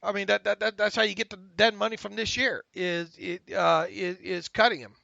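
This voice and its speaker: A man co-hosting a casual sports talk podcast, excitable, often stammering and repeating words as he reads listener questions. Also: high-pitched, brisk, vocal fry, no echo. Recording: dull lo-fi audio.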